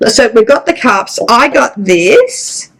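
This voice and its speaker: A woman's voice: fairly high pitch, very animated, takes it slowly, a bit bright, rough recording. A woman hosting a casual stitching vlog, chatty and rambling with restarts. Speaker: flosstube host. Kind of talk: casual chat.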